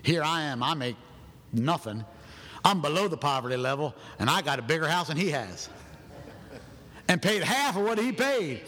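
A man preaching a sermon in a church, animated and loud, acting out people's excuses in his own voice. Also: a little high, normal speed, long pauses. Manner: animated, shouting, acts out other people's excuses. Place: church sanctuary. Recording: long hall reverb in a church.

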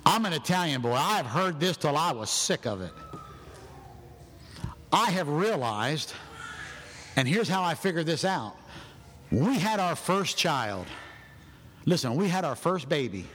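A man preaching a sermon in a church, animated and loud, acting out people's excuses in his own voice. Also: a little high. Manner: animated, shouting, acts out other people's excuses. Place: church sanctuary. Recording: long hall reverb in a church.

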